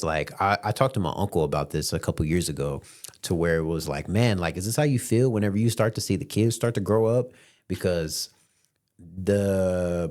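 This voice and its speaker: A man in his late twenties tells a story on his podcast in a laid-back, slangy way. His voice sits a little low, and he fills the talk with easy fillers. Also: a little mellow. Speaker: podcast host. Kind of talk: casual storytelling.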